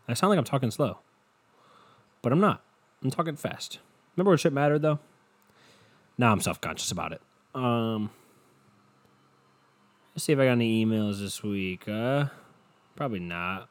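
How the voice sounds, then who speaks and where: A young man hosting a rambling solo podcast from home, swearing a lot and mocking himself, dropping from low mutters into loud bursts. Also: sing-song, normal speed, long pauses. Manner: profane, self-mocking, drifting between muttering and loud bursts. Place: home, no studio. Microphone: home podcast microphone.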